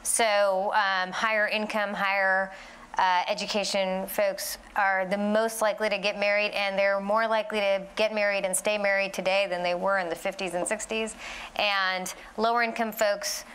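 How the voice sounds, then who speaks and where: A woman's voice: mid-range voice, little pitch movement, normal speed, fairly bright tone, smooth. A woman on a policy panel responding directly and politely disagreeing. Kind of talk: panel discussion.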